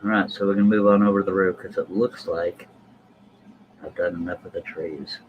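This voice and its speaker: Man, low-pitched, folksy joking stream host talking casually to chat, light room hiss. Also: fairly even intonation, brisk, lo-fi sound. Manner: folksy, jokey, addresses chat viewers.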